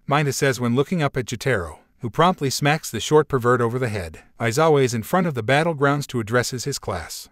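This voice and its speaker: A man narrating a fan fiction story in an even, steady manner, reading every character in much the same voice. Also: medium pitch, a little fast, hardly any pauses, no echo, clean studio sound.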